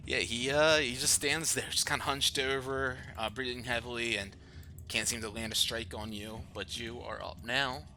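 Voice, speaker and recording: A man's voice: medium pitch, steady tone, moderate pace, pushed and bright, a little hiss or hum. A man narrating as dungeon master in a live tabletop game, describing the action in an easygoing way and laughing often. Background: background music.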